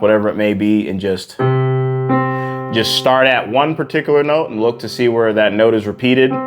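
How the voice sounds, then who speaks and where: A young man coaches singers through a warm-up in an earnest, encouraging way. He repeats key words for emphasis. A piano sits in the background. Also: lowish voice. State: out of breath after exercises. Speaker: vocal coach. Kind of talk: singing lesson with demonstrations.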